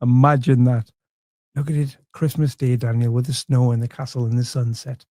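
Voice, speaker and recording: A man's voice: medium pitch, level tone, moderate pace, dark tone, no echo. A man in his forties giving mocking comedy commentary over a video, full of dry, sarcastic asides. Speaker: commentary host.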